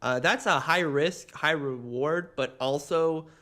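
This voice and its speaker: A man co-hosting a comedy podcast in casual chat, animated and laughing often mid-sentence as he tells playful stories. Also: a little high, slow. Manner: playful storytelling. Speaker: podcast co-host.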